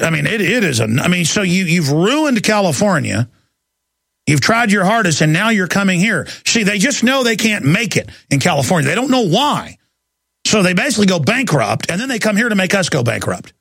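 This man from Texas, in his forties, hosts political talk radio, delivering intense, rambling rants and emphatic stories. His high voice is very animated, brisk, creaky, and fairly bright, with no echo in the dry studio and faint music playing.

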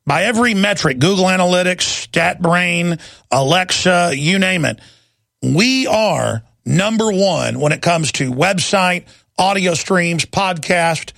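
Thirty-something guy ranting on his radio show, high raspy voice, dry close studio sound, keeps blowing up into yelling. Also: lively intonation, slow pace, no room sound. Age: 30s. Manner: impassioned ranting, breaks into shouting. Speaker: radio host. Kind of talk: talk radio monologue. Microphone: radio studio microphone.

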